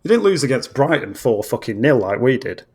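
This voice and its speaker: A man's voice: medium pitch, big pitch swings, fairly quick, a little mellow, slightly rough. A man with a British accent, originally from Australia, ranting bluntly and swearing constantly as a guest football fan on a casual podcast. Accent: British English.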